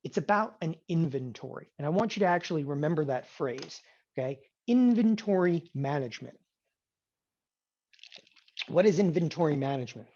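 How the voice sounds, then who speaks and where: A man teaching an options trading class, animated and sarcastic, often acting out students' voices. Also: fairly high pitch, normal speed. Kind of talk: classroom lecture. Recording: dull lo-fi sound.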